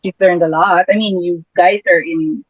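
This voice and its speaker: Podcast host: woman, lower voice, dry dull lo-fi sound, chatty code-switching talk. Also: steady tone, moderate pace, slightly rough, no echo. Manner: mixes English and Tagalog, chatty, agreeable. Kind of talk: casual chat.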